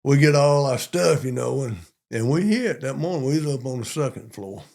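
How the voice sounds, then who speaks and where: Gravelly older Southern man telling stories. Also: medium pitch, normal speed. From Monroe, Georgia. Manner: folksy, repetitive, animated retelling. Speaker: police chief and interview guest. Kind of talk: storytelling in an interview.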